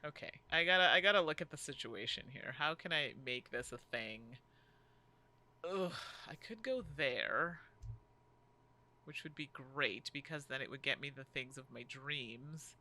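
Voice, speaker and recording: Animated woman groaning over a board game. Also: very deep voice, a little slow. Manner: animated, groaning and self-deprecating. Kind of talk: casual game playthrough chat.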